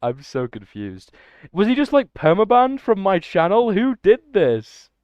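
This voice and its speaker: A young man chatting excitably and rambling to his livestream chat. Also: high voice, measured pace, smooth, no echo. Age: young adult. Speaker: streamer. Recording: dull lo-fi dry mic.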